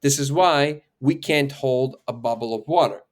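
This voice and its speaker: A man's voice: medium pitch, normal speed. A man being interviewed as a guest researcher, explaining ideas in casual conversation. He thinks aloud, restarts his sentences and often checks in with "right?".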